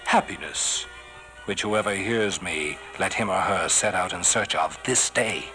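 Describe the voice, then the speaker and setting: A man giving a theatrical poetry recitation, swelling on some phrases and dropping to a hushed whisper on refrains. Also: deep voice, a little slow, faint music behind, rough recording. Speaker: poetry reader.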